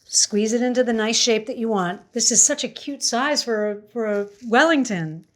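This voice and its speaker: A woman's voice: fairly high pitch, normal speed. A woman in her fifties hosting a cooking show, chatting and rambling as she demonstrates a recipe, often laughing. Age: 50s.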